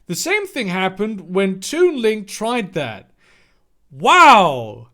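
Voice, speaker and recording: A man reads a story aloud for laughs, stopping now and then for sarcastic, disbelieving asides. His voice is fairly high and very expressive, and he takes an unhurried pace. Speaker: channel host reading a story aloud. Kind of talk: comedic dramatic reading with commentary.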